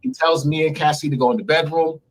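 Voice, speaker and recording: A man in his thirties, recounting a story candidly and profanely in an interview, getting animated as he goes. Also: fast talker, low-quality recording. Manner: animated, profane, climbs high when excited. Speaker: interview guest. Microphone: remote stream mic.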